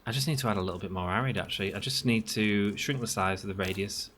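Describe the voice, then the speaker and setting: A man's voice: lowish voice, fast talker, fairly bright tone, a little hiss or hum. A young man giving casual gameplay commentary, chatting to the animals on screen and to his viewers. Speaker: gaming channel host.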